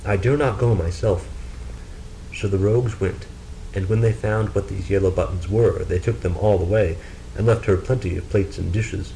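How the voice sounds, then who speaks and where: A man narrating a fairy tale in a steady, measured storybook reading. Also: low-pitched, creaky, slight background noise, low-quality recording.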